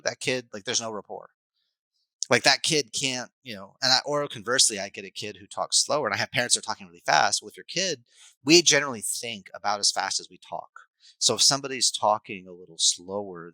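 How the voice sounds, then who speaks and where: A middle-aged man, a life coach and hypnotherapist, talking at length as a podcast guest and acting out scenes with sudden loud bursts. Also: fairly low pitch, a little fast, dry recording, rough recording. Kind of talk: podcast interview, explaining at length.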